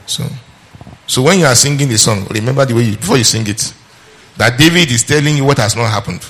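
With a mid-range, fairly bright voice and lively intonation, a man preaches from scripture. He questions his listeners, lingers slowly over key verses, and repeats phrases for emphasis.

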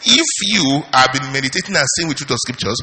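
An emphatic male pastor preaching a sermon, his bright, forceful voice ringing out. He repeats his key phrases and answers his own questions. A long reverb hangs in the church hall. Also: mid-range voice, animated, quick pace.

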